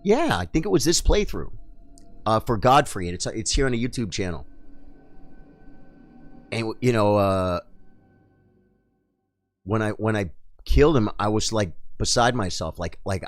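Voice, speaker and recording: A man live-streaming a video game, chatting excitedly with his viewers in a casual, mildly swearing way. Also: medium pitch, no room sound. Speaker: gaming streamer.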